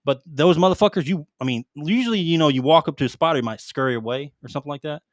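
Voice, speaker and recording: A man, co-hosting a casual podcast and telling stories in a loud, animated way, swearing constantly. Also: a little high, rapid-fire, dry recording, studio quality. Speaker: podcast co-host, military veteran. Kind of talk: casual profane storytelling.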